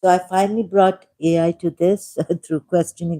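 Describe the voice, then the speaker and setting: A man with a Pakistani accent hosting a livestream, reading a text aloud at a deliberate pace with musing asides and repeated key words. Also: high voice, level tone, warm tone, dry recording. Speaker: livestream host.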